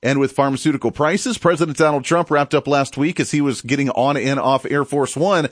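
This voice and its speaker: A man's voice: mid-range voice, fairly quick, no echo, studio quality. A man from the United States hosting a political talk show, delivering an opinionated, sarcastic monologue.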